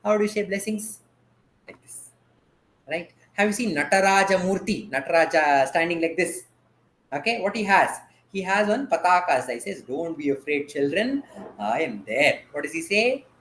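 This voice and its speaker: A man's voice: on the high side, expressive, moderate pace, fairly bright tone, slight background noise. A male dance teacher, teaching online. He asks simple questions and has the class repeat each term. His voice comes through a video call from an echoey room.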